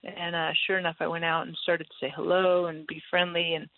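A woman's voice: fairly low pitch, level tone, brisk, no echo. A woman guest in a casual faith conversation, candid and laughing often as she acts out her own voice in stories. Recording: tinny phone-like line, dry.

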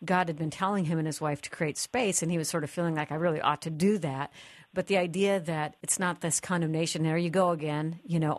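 A woman's voice: low voice, dry recording. A woman hosting a Christian radio talk show, encouraging her guest and leading into a break. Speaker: radio host.

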